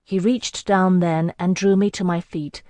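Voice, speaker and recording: A woman reading a fantasy audiobook in measured first-person narration. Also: lowish voice, steady tone, mellow, no room sound. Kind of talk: scripted narration.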